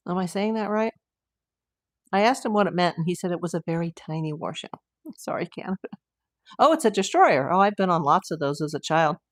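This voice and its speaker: A woman's voice: fairly low pitch, no echo, clean studio sound. An older American woman hosting a casual livestream, chatting in a rambling way and reading viewer comments aloud. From United States. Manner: chatty, rambling with asides and fillers. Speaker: livestream host.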